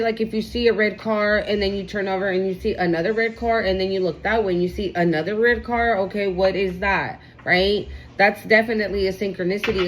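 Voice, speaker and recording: A woman's voice: medium pitch, slight background noise. A woman giving a casual tarot card reading, swearing freely and checking in with "okay?" a lot. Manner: casual, profane, repeats "okay?" often. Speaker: tarot reader.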